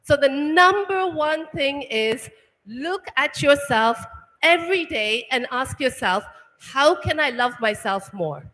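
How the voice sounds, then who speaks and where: A woman gives a motivational talk to a room of students. Her voice is high and swings up and down with animation as she piles on rhetorical questions. The long reverb of a large hall trails behind every phrase. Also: a bit bright. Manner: rhetorical questions, keeps asking "right?". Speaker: workshop speaker. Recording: echoey hall.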